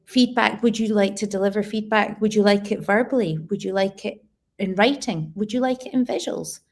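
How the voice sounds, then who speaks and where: A woman's voice: mid-range voice, normal speed. Woman patiently explaining with repeated emphasis. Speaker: guest educator. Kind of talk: conversational interview answers.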